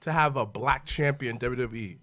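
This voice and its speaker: A man hosts a casual interview, stumbling over his questions and correcting himself as he goes. His voice is bright and forward. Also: mid-range voice, brisk.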